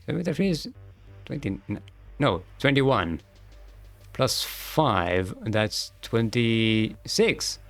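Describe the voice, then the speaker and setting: A man rambles through a game stream, tossing out jokes and laughing at his own puns. He talks slowly on a close, dry mic, with faint music underneath. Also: medium pitch, very animated, vocal fry, a bit bright, no echo. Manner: rambling and joking, laughing often. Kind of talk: casual gameplay commentary.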